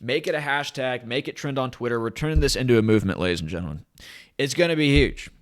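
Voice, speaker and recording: A man's voice: medium pitch, lively intonation, fast. Rambling, hyped-up man vlogging to camera. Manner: rambling, enthusiastic, hype-driven. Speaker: crypto channel host. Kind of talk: casual to-camera vlog. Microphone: camera at desk.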